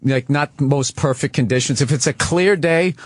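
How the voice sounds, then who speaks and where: A man's voice: fairly high pitch, normal speed, dry recording. Guy in his 40s, swears a lot, worked-up storytelling, dry studio sound. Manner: profane, animated storytelling. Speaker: guest comedian. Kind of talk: casual talk-show chat.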